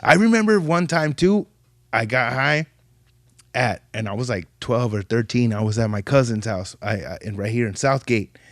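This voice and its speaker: A young man telling animated stories in casual podcast chat, full of profane slang. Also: moderate pace, dry recording. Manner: animated, profane street slang, jumps pitch when quoting people. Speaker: podcast guest.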